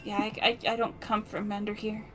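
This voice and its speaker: A woman's voice: medium pitch, monotone, fairly quick, a bit bright, soft background music. A woman playing in a tabletop game, speaking hesitantly with fillers. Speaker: player.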